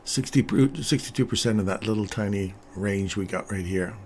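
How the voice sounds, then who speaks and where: In a live trading session, an older host keeps things casual, chatting with his audience between comments on the charts. His low voice moves at a moderate pace, and a faint background noise runs beneath it. He's chatty, quick to laugh, and lively when he tells a story.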